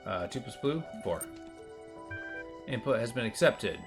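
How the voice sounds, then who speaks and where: A man's voice: mid-range voice, animated, unhurried, music in the background. A man streaming a puzzle game, commenting casually and reading the on-screen text aloud with offhand remarks.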